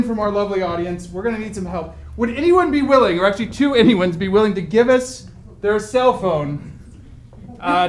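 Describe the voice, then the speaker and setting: An improv performer introducing games and taking audience suggestions in a loose, chatty way. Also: mid-range voice. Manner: loose, chatty, self-deprecating. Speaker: improv show emcee. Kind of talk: live improv show hosting. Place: comedy club stage. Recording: echoey club with audience noise.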